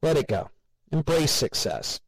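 A man's voice: a little high, sing-song, measured pace, husky, dry recording, pitched above the performer's own voice, heavily acted, low-quality recording. A man voicing a blunt, dismissive male boss in a story reading.

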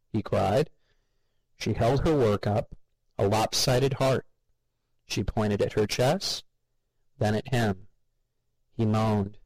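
A man narrating an audiobook in a measured, wry way. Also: on the low side, fairly even intonation, darkish tone, no room sound, low-quality recording.

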